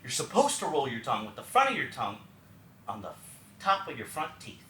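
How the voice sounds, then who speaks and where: A man's voice: mid-range voice, wildly swooping pitch, brisk, bright, forceful tone, slight background noise. A young man from Texas performing an autobiographical one-man show, telling his story to the audience in a wry, confiding way. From Texas, USA. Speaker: solo stage performer. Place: small theatre stage. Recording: roomy theatre recording from a distance.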